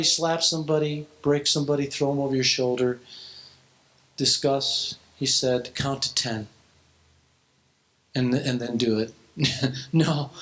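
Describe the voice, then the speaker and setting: A middle-aged man preaching a sermon to a youth group in a church hall, telling stories with restarts and sudden drops to a hushed voice. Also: fairly high pitch. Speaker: pastor. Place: church hall, in front of students.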